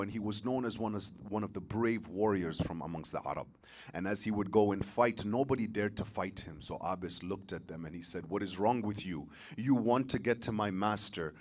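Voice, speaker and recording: A man with a low voice preaches a mourning sermon in his phrases. He swings from loud, high cries down to hushed, grieving lament. His delivery is that of a recited elegy.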